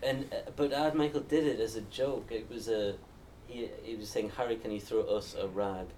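A low-voiced man speaks as a panelist, thoughtful and storytelling. The mic sits some way off from him, and a faint background noise hangs under his voice. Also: fairly even intonation, normal speed, mellow, far from the mic. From Northumberland, England. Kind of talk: live panel discussion.

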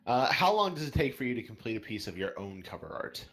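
A man's voice: mid-range voice, big pitch swings, fast talker, a bit bright. A man hosting a casual podcast, reading listener questions in a playful, teasing way. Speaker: podcast host.

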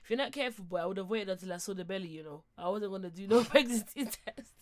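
A young woman, co-hosting a podcast and telling a story in a casual, animated, slangy way with bursts of laughter. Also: mid-range voice, fast talker. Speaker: podcast co-host.

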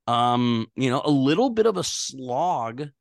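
Male podcast co-host, animated pitch, dry close mic, casual stats talk. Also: unhurried, creaky, no echo. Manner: conversational, stats-heavy, many fillers. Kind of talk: casual sports podcast chat.

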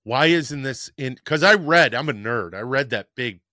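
A man's voice: mid-range voice, lively intonation, normal speed, bright, forceful tone, no room sound, clean studio sound. A man hosting a podcast, telling a personal story in a frank, rambling way and swearing casually. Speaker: podcast host.

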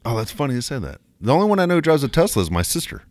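A man's voice: medium pitch, very fast, no echo. A middle-aged man co-hosting a casual podcast, telling stories and acting out quotes. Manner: animated storyteller, acts out quotes. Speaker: co-host. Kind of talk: casual storytelling banter.

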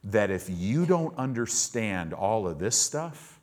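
A man preaching in a church with a lively, swinging pitch. He climbs to loud, emphatic peaks and drops into hushed, low tones. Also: slow. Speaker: pastor. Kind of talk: sermon.

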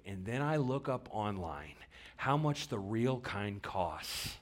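A man's voice: fairly low pitch, lively intonation, slow pace. A man preaching a sermon, earnest and repeating key phrases for weight, rising to emphatic bursts as he reads scripture aloud. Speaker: pastor.

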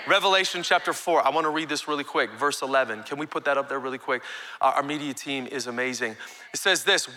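A man preaching a live sermon as pastor in a church sanctuary, energetic and calling for amens from the congregation. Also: medium pitch, fast.

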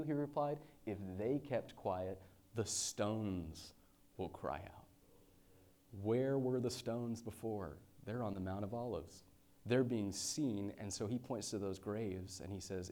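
A man preaching a sermon, reading scripture aloud and then explaining it in a lively, conversational way with quick asides. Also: fairly low pitch. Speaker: pastor.

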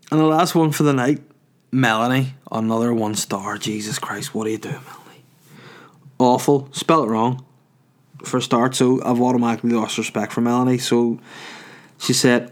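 A man's voice: mid-range voice, steady tone, normal speed. A man hosting a comic podcast, reading reviews aloud with wry, mocking remarks. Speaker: podcast host.

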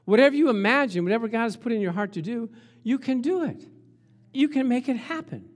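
A man's voice: extremely high pitch, animated, a little fast. A man preaching a sermon, acting out Bible scenes and laughing often as he talks. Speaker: pastor.

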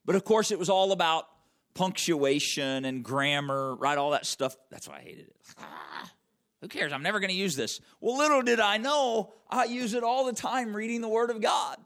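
A man preaching a conversational sermon, checking in with the audience with frequent questions and slowing right down to stress key words. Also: high-pitched, very animated, gravelly. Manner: wide swings in loudness and emphasis, drawn-out slow words. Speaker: pastor.

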